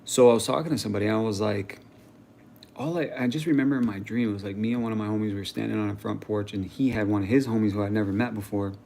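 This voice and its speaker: A young man hosting a livestream, telling a personal story in casual chat, animated and slangy, with some swearing. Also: on the low side, quick pace, vocal fry, slight background noise. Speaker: livestream host. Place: home.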